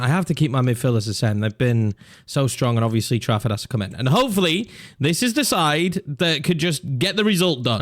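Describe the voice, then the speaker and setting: Excitable young gamer commentating. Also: male voice, a little high. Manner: excitable, swings from muttering to shouting at goals. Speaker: gaming YouTuber. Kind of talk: live commentary over gameplay.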